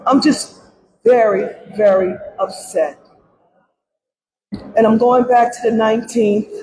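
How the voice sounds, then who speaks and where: A woman's voice: fairly high pitch, a little mellow, low-quality recording. A middle-aged grieving grandmother speaking at a press conference, pleading and tearful, often repeating her words. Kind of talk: emotional press conference speech. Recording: crowd noise around the speaker.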